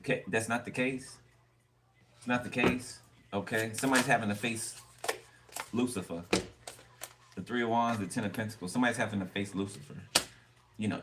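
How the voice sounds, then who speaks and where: A man's voice: mid-range voice, normal speed, long pauses. A man giving a casual tarot reading, rambling and blunt with cards, swearing freely. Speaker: tarot reader. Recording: distant mic with background noise.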